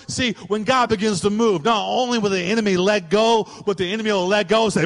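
A man preaching a sermon as pastor, animated, acting out the voices of God and Pharaoh. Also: high voice, brisk. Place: church sanctuary. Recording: church hall with long reverb.

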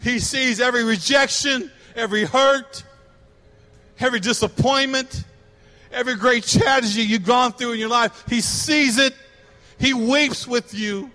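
Male pastor preaching, high voice, emphatic repetition, long church reverb. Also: a little slow, bright, forceful tone. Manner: emphatic and repetitive, swelling to passionate cries. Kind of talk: sermon.

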